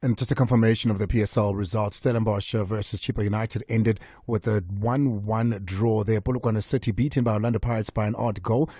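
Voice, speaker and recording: A man's voice: lowish voice, fairly even intonation, a little fast, hardly any pauses, dark tone, no echo, clean studio sound. A man hosting a radio sports show, reading results and chatting with plenty of fillers. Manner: chatty, with frequent fillers and restarts. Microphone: studio microphone.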